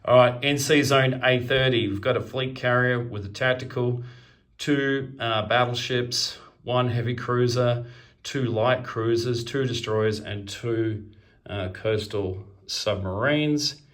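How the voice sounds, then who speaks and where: A man's voice: medium pitch, slow pace, fairly bright tone. A man narrating his turn in a strategy board game, methodically counting units and pieces aloud as he moves them.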